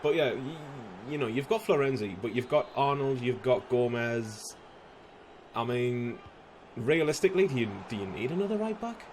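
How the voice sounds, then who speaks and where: A young man commentating his own football video game, slightly hoarse, bursting into shouts and laughter at goals. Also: mid-range voice, moderate pace, slight background noise. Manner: excitable, shouts at goals, casual swearing. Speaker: gaming youtuber.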